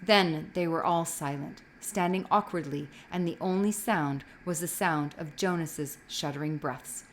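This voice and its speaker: A woman's voice: low-pitched, unhurried, hardly any pauses, a little hiss or hum. A woman reading a novel aloud expressively, with occasional slips that she corrects as she goes. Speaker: reader.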